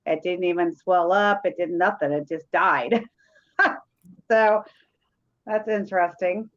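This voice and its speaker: A woman's voice: on the low side, measured pace. Woman rambling through a story, lo-fi. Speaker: paranormal investigator. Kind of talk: casual chat. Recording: dull lo-fi sound.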